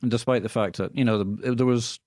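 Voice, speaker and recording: A man's voice: mid-range voice, steady tone, a little fast, darkish tone, dry recording, studio quality. A middle-aged man with a Scottish accent, co-hosting a radio chat in a wry, rambling way with many ums. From Scotland. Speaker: radio co-host.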